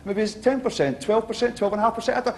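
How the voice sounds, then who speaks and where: High-pitched and creaky, this middle-aged Glaswegian comedian races through his stand-up routine, with slight background noise behind him. He's animated throughout, acting out his stories' voices and exchanges.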